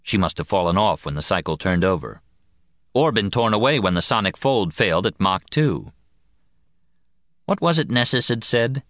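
A man narrating an audiobook in a very deep voice that still rises and falls with plenty of life. He reads in a measured way, slowing down on key words, and the recording is close and dry. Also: very animated, a bit bright, no echo. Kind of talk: scripted narration.

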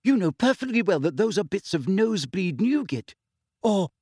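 A man's voice: high-pitched, very animated, moderate pace, mellow, slightly rough, dry recording, studio quality, pitched above the performer's own voice, exaggerated voice. A man voicing an awkward teenage boy who hedges and mumbles, in an audiobook. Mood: evasive. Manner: hesitant and mumbling. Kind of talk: audiobook character voice.

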